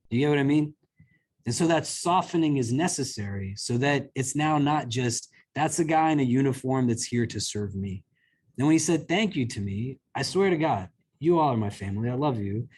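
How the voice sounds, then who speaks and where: A man's voice: mid-range voice, a little mellow. A man, an imam, giving an informal religious talk to a live group in a conversational, earnest way with lots of filler words. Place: community center hall.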